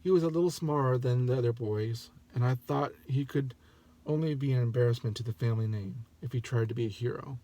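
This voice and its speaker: A man voicing a grieving middle-aged father, speaking gently and regretfully in a soft, earnest tone. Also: medium pitch, brisk, lightly acted.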